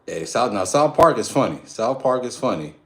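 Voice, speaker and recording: A man's voice: mid-range voice, sing-song, normal speed, slight background noise. A man chatting loosely on a live stream, slangy, profane and rambling. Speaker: fitness streamer. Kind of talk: casual live-stream chat.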